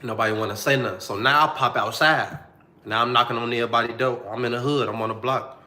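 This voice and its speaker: A man's voice: medium pitch, fairly even intonation, fast talker, pushed and bright, reverberant. A young man telling a personal story to the camera in a slangy, repetitive, heartfelt way.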